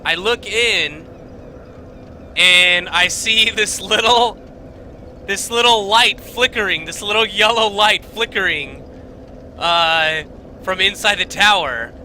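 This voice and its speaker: A man's voice: high-pitched, slow, long pauses, pushed and bright, slight background noise, rough recording. A young man streaming from his home basement, telling a story casually, rambling and swearing with lots of fillers and restarts.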